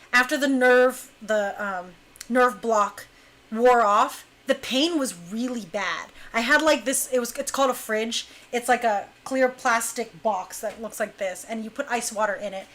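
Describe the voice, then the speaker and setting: A young adult woman casually telling a story about her dance crew, animated and laughing often as she acts out what others said. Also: on the high side, moderate pace.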